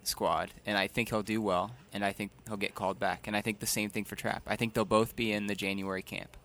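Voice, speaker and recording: A man co-hosting a sports podcast, eager and confident, circling back over his own points. His voice sits on the low side with a bright, forward tone. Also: little pitch movement, a little fast. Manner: eager, confident predictions, repeats himself. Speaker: podcast co-host. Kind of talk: casual sports talk.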